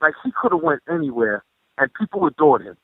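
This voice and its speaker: A rapper phoning in as a guest, telling stories in a rambling, profane way, full of "you know". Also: male voice, a little high, very animated, fairly quick, no echo. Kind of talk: casual storytelling over the phone. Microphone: phone. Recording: muffled phone line.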